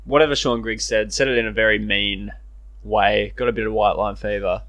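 A man's voice: on the low side, steady tone, a little fast, a bit bright. An Australian man co-hosting a sports podcast, chatting casually with jokey asides. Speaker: podcast co-host. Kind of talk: casual footy banter.

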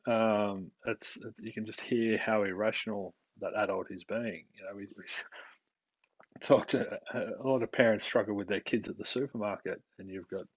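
A man, a mental health practitioner explaining his work in a calm, steady way during a podcast interview. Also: fairly low pitch, normal speed, slightly rough, dry recording. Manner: calm, explanatory, with light laughs. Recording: dry, dull lo-fi recording.

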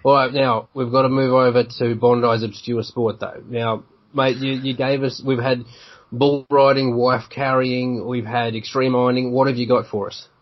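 Aussie bloke hosting a sports pod, keen and laughing a lot, bit husky, muffled lo-fi sound. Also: male voice, medium pitch, flat delivery, normal speed. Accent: Australian. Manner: laughs easily, enthusiastic, blokey slang. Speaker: podcast host. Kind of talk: casual sports chat. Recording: dull lo-fi podcast audio.

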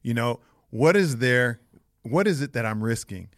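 A man's voice: mid-range voice, animated, normal speed, a bit bright, dry recording. Man, former player, podcast co-host, opinionated, dry studio mic. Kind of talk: casual sports podcast chat.

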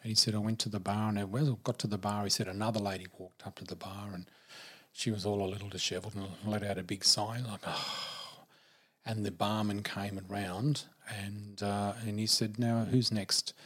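An older man telling a personal story, lively and acting out the voices of the people in it. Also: fairly low pitch, a little fast, husky. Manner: animated, acts out quoted voices.

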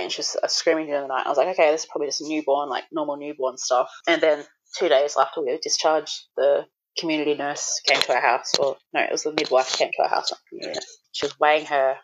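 Low-voiced woman telling her birth story candidly. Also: quick pace, rough recording. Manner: candid, full of "like", swears now and then. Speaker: guest. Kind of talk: recounting a personal birth story.

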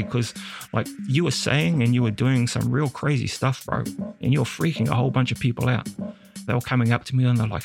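A man's voice: medium pitch, brisk, vocal fry, music in the background. A man from New Zealand with a New Zealand accent, telling his personal story as a podcast guest and acting out the people he quotes. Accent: New Zealand English. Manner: lively storyteller acting out quoted dialogue, laughing often.

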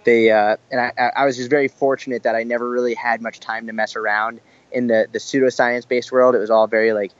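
A man's voice: mid-range voice, quick pace, hardly any pauses, no echo, dull audio. A man, a fitness coach guest, talking casually and energetically. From Boston, USA. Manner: energetic, casual, says "like" a lot. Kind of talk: casual interview chat.

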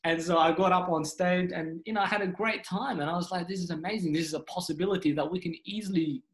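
Animated young man telling stories. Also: high voice, quick pace, poor audio. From Sudan. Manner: animated, acts out quoted voices. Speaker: stand-up comedian guest. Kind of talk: casual storytelling chat.

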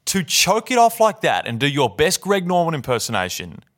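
A man's voice: on the high side, huge pitch swings, normal speed, fairly bright tone. A man co-hosting a sports podcast, sounding nasal and congested from a cold, giving confident, emphatic opinions. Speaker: podcast co-host. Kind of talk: casual sports podcast chat.

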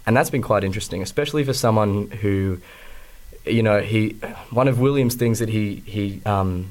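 A young man with an Australian accent talks about his stage role in a loose, conversational way. His voice sits somewhat low, and he often trails off, restarts and fills pauses as he finds his words. It sounds like a casual student radio interview. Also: a little mellow. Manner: chatty, hesitant with many fillers and restarts. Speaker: actor interviewed about a play.

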